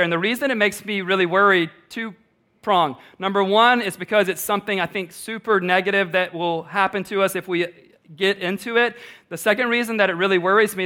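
A man's voice: high voice, pushed and bright, clean tone. A male pastor preaching a sermon, emphatic, repeating key lines and putting questions to the congregation.

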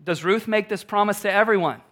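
A man's voice: high voice, fairly quick, a bit bright. A male pastor preaching a sermon, emphatic, repeating key lines and putting questions to the congregation.

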